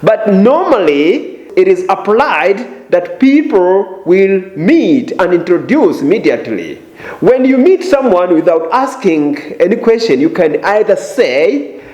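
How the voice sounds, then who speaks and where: Slow, singsong teacher with a lively voice. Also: male voice, sits high. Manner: exaggerated rising intonation on example phrases. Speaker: English teacher. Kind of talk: slow, deliberate language lesson. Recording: roomy echo.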